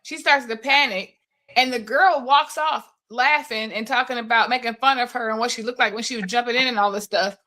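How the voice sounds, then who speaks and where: A woman's voice: a little high, a little fast, bright, forceful tone. A woman co-hosting a casual podcast chat, animatedly retelling a story and acting out the voices in it. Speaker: podcast co-host.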